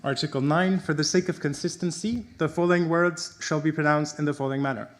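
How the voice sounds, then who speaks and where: A man reads out mock legal articles in a dry, deadpan way at a graduation ceremony. His voice sits a little high for a man. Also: fast. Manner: deadpan reading, breaking into laughter. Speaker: graduating student presenter.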